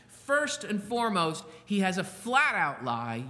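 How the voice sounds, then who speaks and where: High, bright-voiced preacher in a hall. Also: male voice, huge pitch swings. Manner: slow, emphatic delivery with rhetorical questions. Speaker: pastor. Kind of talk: sermon.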